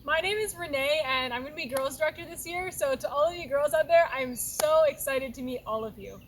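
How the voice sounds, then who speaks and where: A woman's voice: high-pitched, fairly quick. A young woman acting a babysitter in an improv scene, soothing and bubbly. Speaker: camp director. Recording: distant mic in a noisy room.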